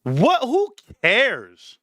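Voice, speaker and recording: A man hosting a casual livestream, bantering with chat in an animated, profane way. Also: very high voice, drawn-out words, no echo, studio quality. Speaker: livestream host.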